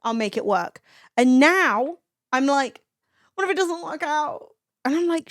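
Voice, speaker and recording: A woman in her thirties talks to her live stream in a blunt, sweary, chatty way, acting out little impressions as she goes. Her voice sits a touch high, recorded close and dry with no room sound. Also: expressive, a little slow, fairly bright tone, no echo. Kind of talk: casual chat to a live stream.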